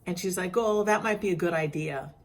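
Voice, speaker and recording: Middle-aged woman, casual vlogger, tired from crying, low voice, talks in a lively way and acts out quoted lines. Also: brisk. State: worn out from crying. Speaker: vlogger sharing her cancer journey. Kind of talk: casual storytelling vlog.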